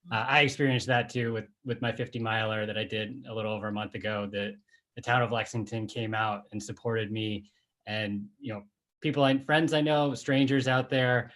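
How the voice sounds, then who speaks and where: Calm male interviewer on a call. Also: medium pitch. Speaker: interviewer host. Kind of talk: interview questions.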